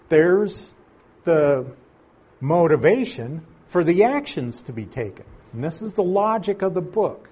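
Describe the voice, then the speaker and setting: A man teaching scripture verse by verse, reading passages and then stressing their meaning. His husky voice sits a little high and swings widely in pitch. He speaks slowly and deliberately. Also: expressive, dark tone. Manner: slow, emphatic, reads scripture aloud and explains it. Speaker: Bible teacher.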